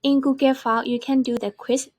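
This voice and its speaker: A woman teaching vocabulary over slides, explaining step by step and repeating words slowly to show their stress. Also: high-pitched, level tone, darkish tone, dry recording, highs cut off. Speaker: English teacher.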